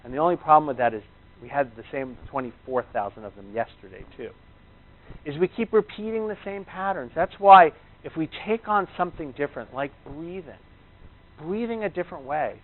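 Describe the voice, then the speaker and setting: A man, a chiropractor, giving a rambling anecdotal talk to a live audience. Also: fairly high pitch. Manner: rambling, conversational storytelling. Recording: tinny, phone-like narrow sound.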